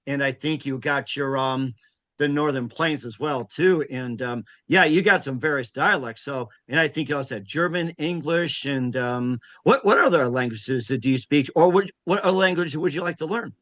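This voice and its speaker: A man's voice: on the high side, normal speed, a bit bright. A man from the United States hosting an interview, asking rambling questions with many fillers. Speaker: host.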